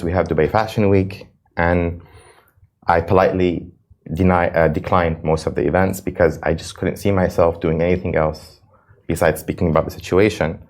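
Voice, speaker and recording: An American man with a low, deep voice talks in an interview. He speaks earnestly and with passion, stumbling and restarting as he works through what he feels. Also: darkish tone. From United States. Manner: earnest and impassioned, with frequent restarts. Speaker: interview guest. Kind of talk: emotional interview talk.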